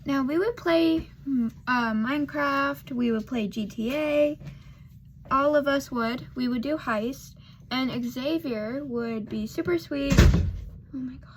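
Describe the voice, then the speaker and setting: Woman vlogger, kinda high voice, drawls slowly thru a rambly makeup storytime, faint hiss behind. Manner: rambling, loses her thread, many fillers. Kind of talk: casual storytime while doing makeup.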